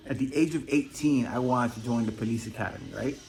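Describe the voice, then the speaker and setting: A man's voice: medium pitch, quick pace, darkish tone, faint music behind. A man hosting his own podcast, telling stories in a casual, rambling way full of swearing. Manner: profane, rambling storyteller. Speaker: podcast host. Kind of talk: casual solo monologue.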